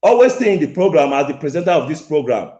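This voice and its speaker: A man's voice: fairly high pitch, sing-song, quick pace, mellow, muffled recording. A man calling in, repeating his points insistently and confronting the host. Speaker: caller. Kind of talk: heated call-in argument. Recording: echoey call-in line.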